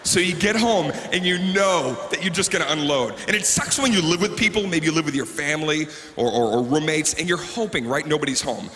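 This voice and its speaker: Male stand-up comedian, high and lively voice, live stage in a big reverberant hall. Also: brisk, few pauses. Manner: animated, acts out characters and sobs for laughs. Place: stage before a live audience.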